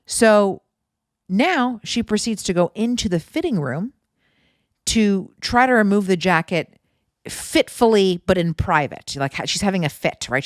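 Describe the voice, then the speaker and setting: A woman hosting her own podcast, telling a story in a casual, animated way, cursing freely and often breaking into laughter. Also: on the low side, no room sound, clean studio sound. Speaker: podcast host.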